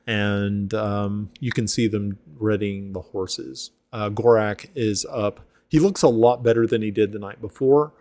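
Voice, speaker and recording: A man's voice: on the low side, steady tone, unhurried, few pauses, a little mellow, no echo. A man narrating as game master of a tabletop game, hesitant, with many fillers.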